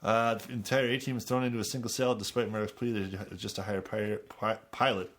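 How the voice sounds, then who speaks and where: A man hosting a podcast, reading aloud from a book in a relaxed, chatty way. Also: fairly low pitch, quick pace. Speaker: podcast host.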